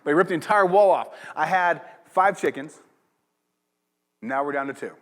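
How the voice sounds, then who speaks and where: A man's voice: fairly high pitch, normal speed. A pastor giving a sermon, telling a rambling personal story in a casual, chatty way and laughing along as he goes. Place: church.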